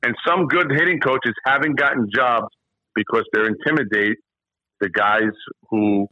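A middle-aged man, a former hitting coach, guesting on an interview and telling lively anecdotes. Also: mid-range voice, a little slow, no room sound. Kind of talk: conversational storytelling. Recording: slightly muffled, dry sound.

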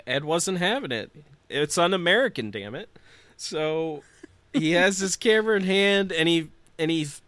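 A man hosting a podcast, telling a story in a casual, animated way with jokey asides and frequent laughs. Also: on the high side, smooth, no room sound. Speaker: podcast host.

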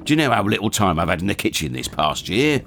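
An actor playing a glum, blunt pirate captain who would rather be the ship's cook. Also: male voice, sits low, very animated, fast talker, noisy background. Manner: grumbling, blunt.

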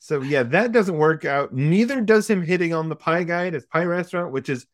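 A man's voice: on the high side, a little fast, dry recording. Wry man recapping a film, dry sound. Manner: profane, wry storytelling with asides. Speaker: podcast host recapping a film. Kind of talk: casual comedic film recap.

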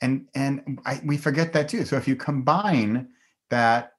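A man's voice: medium pitch, a little slow. A middle-aged man talking as a guest on a podcast in a casual, enthusiastic way, laughing often. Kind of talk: casual conversation.

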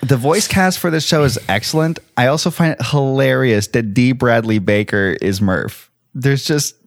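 A man's voice: mid-range voice, normal speed, dry recording, studio quality. A man co-hosting a podcast, chatting casually and recapping episodes in a loose, joking way. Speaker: podcast co-host. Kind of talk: casual chat.

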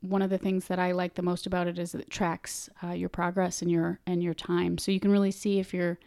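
A woman's voice: fairly low pitch, level tone, a little fast, creaky, warm tone, no room sound. Earnest chatty woman, dry close sound. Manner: earnest, chatty, frequent restarts and repeated words. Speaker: meditation vlogger. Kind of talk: casual explanatory talk.

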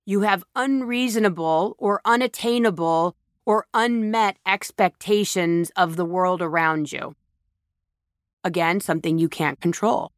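Slow, blunt woman with a dry close voice. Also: fairly low pitch, dry recording. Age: adult, has children. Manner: blunt, emphatic, repetitive with restarts. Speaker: speaker on emotions. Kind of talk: casual motivational monologue.

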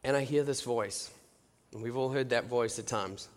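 A man in his thirties giving a conversational sermon testimony with jokey asides and frequent restarts, dropping to a soft hush at intimate moments. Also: medium pitch, normal speed. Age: 30s. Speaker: church speaker sharing his testimony. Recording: long reverb from a large hall.

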